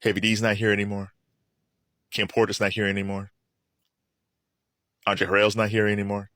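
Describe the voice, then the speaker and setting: A man giving casual solo commentary, chatty and animated, laughing often and restarting his sentences. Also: fairly low pitch, moderate pace, dry recording, clean studio sound.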